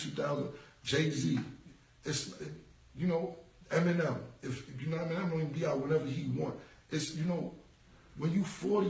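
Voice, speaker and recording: A man's voice: fairly high pitch, creaky, a little mellow, roomy sound, distant mic, low-quality recording. A man in his forties in a casual livestream monologue, rambling and repeating himself in street slang. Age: 40s. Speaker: rapper. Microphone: phone.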